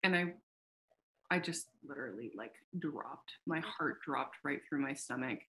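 A woman founder talking casually in an interview, telling a story with animated, acted-out quotes and casual swearing. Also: a bass voice, measured pace. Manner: animated storyteller who acts out quoted dialogue. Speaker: founder of a sex tech company, podcast guest.

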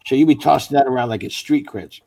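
A man's voice: mid-range voice, quick pace, gravelly, mellow, no echo. A middle-aged man, a stand-up comedian, telling rambling, profane stories in casual conversation. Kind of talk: casual podcast chat.

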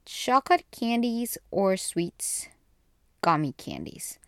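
Chatty low-voiced young woman podcaster. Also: smooth, no echo, clean studio sound. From Colombia. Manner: chatty, rambling, answers quick this-or-that questions. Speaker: podcast host. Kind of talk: casual solo podcast chat.

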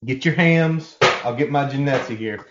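A man co-hosting a casual sports podcast, talking in an animated, profane way and acting out quoted voices. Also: mid-range voice, normal speed, dull audio, a little hiss or hum. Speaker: podcast co-host.

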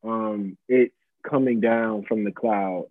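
A man's voice: fairly low pitch, fairly even intonation, slow pace, dry recording. A man in his mid-twenties, a guest in a casual interview, talking in a laid-back, reflective way with many fillers. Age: 20s. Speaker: guest, pop-up shop organizer. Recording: tinny phone-line sound.

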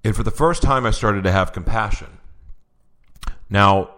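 A man's voice: fairly low pitch, unhurried, fairly bright tone. A man who is a guest on an interview show, telling a personal story in an earnest way, with many restarts. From Oklahoma.

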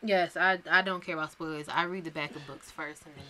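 A woman's voice: deep voice, steady tone, brisk, bright, forceful tone. A woman guest on a podcast in casual movie chat, blunt and unbothered.

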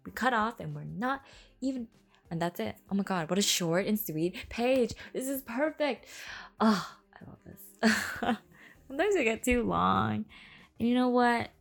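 A woman reads a romance novel aloud with a giggly, chatty delivery, stopping often to laugh and comment. Her voice sits at a middling pitch, and she slips into a whisper for hushed passages. Soft background music runs quietly underneath. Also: moderate pace, vocal fry. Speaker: podcast host reading a novel aloud. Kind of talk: casual read-aloud with chatty asides.

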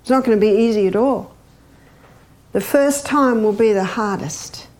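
An older woman teaching about health in a lively way, asking her listeners questions and imitating laughter. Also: fairly high pitch, moderate pace. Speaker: health educator. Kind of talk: animated teaching talk.

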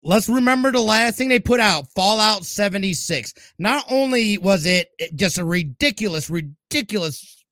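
A man's voice: high voice, moderate pace, hardly any pauses, fairly bright tone, no room sound, studio quality. A man hosting a gaming podcast in casual, upbeat, emphatic chat. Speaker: podcast host.

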